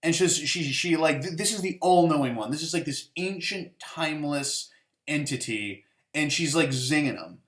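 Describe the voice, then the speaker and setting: A man's voice: on the high side, expressive, normal speed, a bit bright. Rambling, sarcastic male movie reviewer. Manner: rambling and sarcastic, heavy on "like" and swearing. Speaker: host of a movie review show. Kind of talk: casual profane movie review. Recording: roomy echo.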